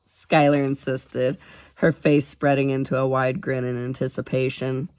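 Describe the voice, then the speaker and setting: A man narrating a novel, mid-pitched and even, in a dry close-mic sound with no room around him. Steady audiobook storytelling. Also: measured pace, no echo. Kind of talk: scripted narration.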